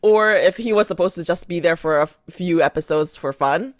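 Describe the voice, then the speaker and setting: A young woman co-hosting a casual podcast, telling stories with lots of laughter and quick impressions of people. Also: lowish voice, dry recording, clean studio sound. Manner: animated storytelling, laughs often, mimics people. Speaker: podcast co-host. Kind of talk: casual chat.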